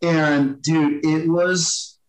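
A man's voice: on the high side, level tone, drawn-out words. Blunt, profane ex-Marine man, echoey room. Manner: blunt, profane, acts out quoted banter. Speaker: podcast guest, former Marine. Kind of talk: casual storytelling interview.

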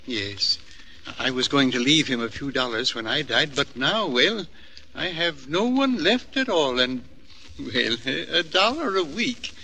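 An actor playing a timid, lonely elderly lodger who speaks politely and haltingly with many hesitations. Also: male voice, medium pitch, animated, sharp tone, slight background noise. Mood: fretful. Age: older.

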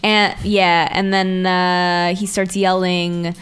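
A woman's voice: lowish voice, little pitch movement, takes it slowly, fairly bright tone, clean tone. A woman co-hosting a podcast, casually and giggly retelling an anime episode with some swearing. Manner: giggly, laid-back, swears. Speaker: podcast co-host. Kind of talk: casual anime recap chat.

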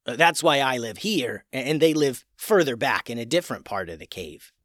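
A man's voice: medium pitch, animated, normal speed, no room sound, studio quality, lightly acted. A man voicing a shy, kind young male cave troll who talks hesitantly, in a storybook reading. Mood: timid, gentle. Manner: hesitant, gentle, with filler sounds.

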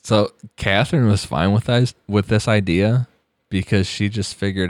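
Very deep-voiced man narrating true crime. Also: steady tone, normal speed, no room sound. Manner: reads the case, then breaks into blunt, profane asides. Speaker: podcast host narrating a true crime case.

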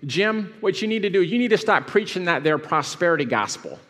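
A man's voice: high voice, animated, fairly quick, a bit bright, in a large hall, voice pushed up. A man putting on an exaggerated, pious Southern US drawl as a preachy religious voice.

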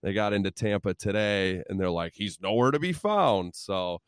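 A man's voice: on the low side, animated, normal speed, clear, resonant tone. A man co-hosting a sports podcast, chatting in a joking, crude, rambling way. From Minnesota. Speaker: podcast co-host. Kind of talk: casual sports chat. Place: moving minivan.

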